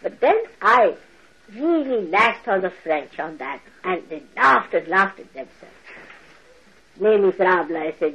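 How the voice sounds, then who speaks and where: An older woman giving a spiritual talk to followers, animated and laughing, mimicking people as she speaks. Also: medium pitch, normal speed, long pauses, dull audio. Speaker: spiritual teacher. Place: lecture hall.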